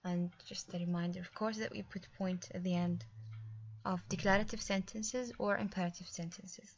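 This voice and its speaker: A woman's voice: fairly low pitch, fairly even intonation, moderate pace, highs cut off. A woman teaching a recorded English grammar lesson, explaining patiently step by step with small fillers.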